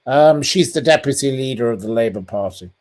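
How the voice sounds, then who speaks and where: British guy dishing out blunt scathing takes, medium pitch, lots of ums and restarts. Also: lively intonation, brisk, darkish tone. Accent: British English. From England. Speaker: journalist guest. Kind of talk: interview over a call.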